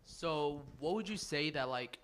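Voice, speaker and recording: A man in a workshop audience asking the speaker a question, halting and searching for words. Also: fairly high pitch, animated, fairly bright tone.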